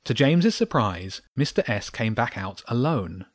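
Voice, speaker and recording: A man narrating a children's audiobook in a steady, even storytelling manner. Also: mid-range voice, normal speed, no room sound, studio quality. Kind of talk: audiobook reading.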